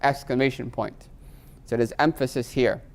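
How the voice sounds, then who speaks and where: A man at mid pitch teaches a grammar class with a relaxed, classroom tone. He often throws questions to his students and tags sentences with "right?". He slows down to sound out each technical term. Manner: quizzes students with frequent rhetorical "right?"; slows to spell out Arabic terms.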